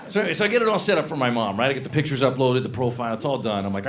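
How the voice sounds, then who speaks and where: A man performing a stand-up comedy set, telling a story with animated delivery that rises to shouts. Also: on the high side, racing, hardly any pauses, noisy background.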